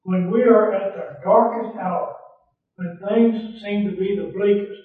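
A man's voice: high-pitched, a little slow. A man preaching a sermon, earnest and repeating his phrases for emphasis. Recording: echoey far-off church recording over a phone-like line.

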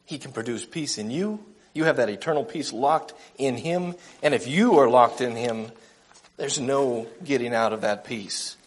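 A man preaching a gentle, earnest sermon, slowing down for emphasis and reading a story aloud. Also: mid-range voice, slightly rough.

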